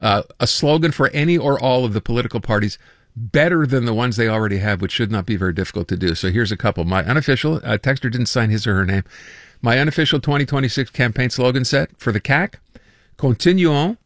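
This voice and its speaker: A man's voice: mid-range voice, fast talker, a bit bright, no echo, clean studio sound. A man hosting a call-in radio show, chatting casually and reading listener texts aloud with amusement. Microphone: studio microphone.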